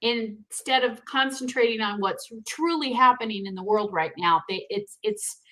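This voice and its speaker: A middle-aged woman co-hosts a business podcast with a high, bright voice. She chats casually and tells stories in an animated way. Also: moderate pace, low-quality recording. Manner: animated storyteller, acts out voices and laughs. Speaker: podcast co-host. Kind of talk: casual chat.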